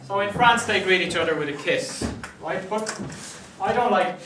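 Male lecturer, conversational, slightly high-pitched, recorded from afar in a roomy classroom with faint hiss. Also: moderate pace. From Ireland. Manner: conversational, checks in with "right?" often. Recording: echoey classroom, mic at a distance.

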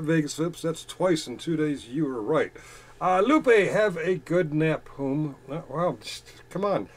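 A man reading chat comments aloud on his channel, mocking commenters with profanity and frequent laughs, swinging between loud bursts and muttering. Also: a little high.

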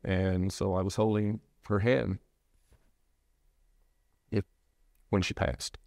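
A middle-aged man, a preacher, speaking earnestly about losing his wife, halting often and restarting his sentences. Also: deep voice, level tone, creaky, a little mellow, no echo, studio quality. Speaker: preacher sharing his loss. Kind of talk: reflective interview talk.

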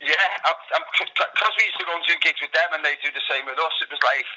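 A man's voice: fairly high pitch, steady tone, fast talker, dull audio, very noisy. A middle-aged man with a Liverpool accent, chatting as an interview guest, telling rambling, swearing anecdotes full of restarts. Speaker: guest musician. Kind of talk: casual interview chat.

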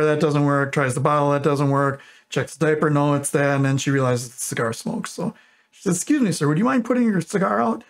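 A man in his twenties casually telling a long joke, rambling and correcting himself as he goes. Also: fairly high pitch. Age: 20s. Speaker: YouTuber.

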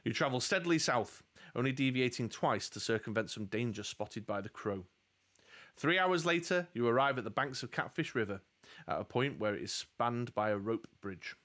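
A man's voice: mid-range voice, normal speed. A man reading a fantasy gamebook aloud as game master, with jokey asides. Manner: steady storytelling with jokey asides. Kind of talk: narrating a gamebook live play.

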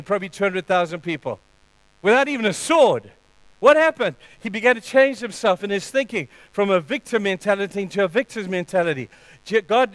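A man preaching a sermon, swinging between loud emphatic bursts and hushed passages, then leading a closing prayer. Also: sits high, clean tone, dry recording, rough recording. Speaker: pastor.

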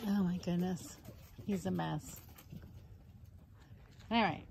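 A woman who runs a fox rescue, chatting casually to her foxes outdoors in cooing baby talk, with soft asides in between. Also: fairly low pitch, steady tone, takes it slowly, gravelly, a little hiss or hum. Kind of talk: casual vlog talking to pet foxes.

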